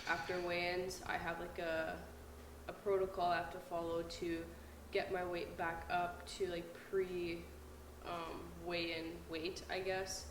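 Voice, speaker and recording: A woman's voice: fairly low pitch, flat delivery, measured pace, a little hiss or hum. A young adult woman, a powerlifter, chatting casually to camera in a vlog and filling her talk with lots of "like". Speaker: powerlifter vlogger.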